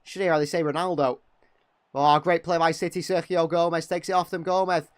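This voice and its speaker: A young man giving partisan live fan commentary on a match, excitable and quick to criticise players. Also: fairly high pitch, clean tone, dry recording. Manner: excitable, exclaiming at big moments, critical of players.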